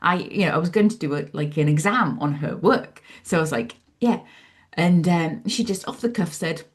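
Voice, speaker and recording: A woman's voice: low voice, brisk. A woman, a psychologist telling her story in an interview and acting out her own past thoughts. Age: 40s. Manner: animated, acts out her own past thoughts in lively asides. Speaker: guest, psychologist and author.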